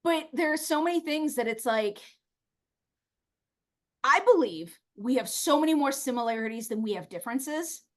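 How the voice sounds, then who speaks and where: A woman chatting casually as a podcast guest, animated and outspoken, laughing often and acting out the people she quotes. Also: high voice, normal speed. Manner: animated, outspoken, playful swearing and put-on quoted voices.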